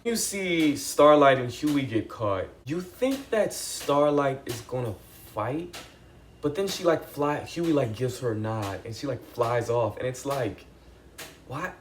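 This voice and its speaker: A young man talks through a TV episode in a loose, excitable way, peppering his speech with "like" and "y'all". His voice sits at an ordinary middle pitch. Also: a little slow, a little hiss or hum. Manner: excitable, animated, chatty with lots of "like" and "y'all". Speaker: TV recap vlogger. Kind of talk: casual episode recap.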